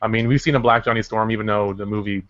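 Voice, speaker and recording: A man's voice: fairly low pitch, steady tone, fast talker, a bit bright, highs cut off. A man co-hosting a casual podcast chat, rambling and hesitant with many fillers. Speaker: podcast co-host.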